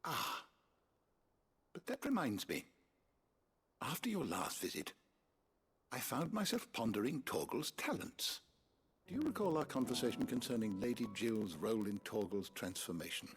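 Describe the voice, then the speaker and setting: An actor playing a courteous, learned male lawsman in a video game, speaking in a measured, formal way. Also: medium pitch, big pitch swings, breathy edge. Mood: thoughtful. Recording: video game audio with music.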